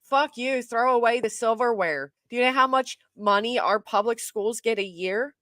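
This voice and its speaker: A woman doing live-stream commentary, reacting with outrage and loud exclamations, then dropping to muttering. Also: on the high side, normal speed, no room sound, clean studio sound. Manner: outraged, exclaiming, swings between shouting and muttering.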